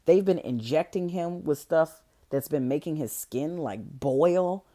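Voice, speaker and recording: A woman hosts a podcast and recaps a film in loose, chatty storytelling packed with fillers and slang. Her low-set voice swings widely in pitch as she gets caught up in the story. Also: animated, measured pace, warm tone. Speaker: podcast host. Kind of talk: casual movie recap.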